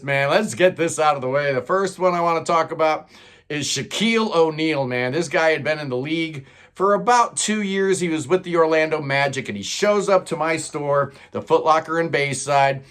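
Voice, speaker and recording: A middle-aged man telling stories in a chatty, animated way, often saying "man". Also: fairly high pitch, moderate pace. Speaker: channel host telling celebrity stories. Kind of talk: casual storytelling monologue.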